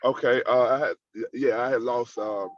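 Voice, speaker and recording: A man calling into a webinar, speaking haltingly with many fillers over dull call audio. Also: medium pitch, fairly even intonation, no echo. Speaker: caller. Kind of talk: call-in question.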